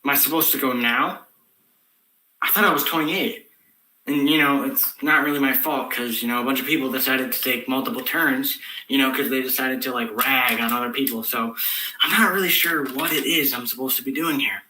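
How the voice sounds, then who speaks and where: A man's voice: medium pitch, a little fast, bright, forceful tone, a little hiss or hum. A young man playing a sulky, reluctant teen boy in a comic stage monologue, grudging and mumbling. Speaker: student actor. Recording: echoey room from far off.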